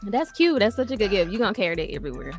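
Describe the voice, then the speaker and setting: Woman co-host with a gravelly edge, lively and teasing, faint music bed. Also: medium pitch, rapid-fire. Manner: animated, playful teasing. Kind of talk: casual chat.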